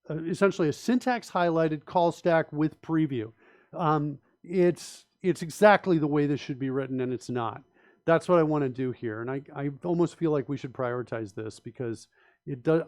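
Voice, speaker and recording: Emphatic, higher-voiced man thinking aloud. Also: a little mellow, dry recording. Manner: emphatic, opinionated, with frequent restarts and rhetorical questions. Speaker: host and software developer. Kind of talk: live coding stream, thinking aloud.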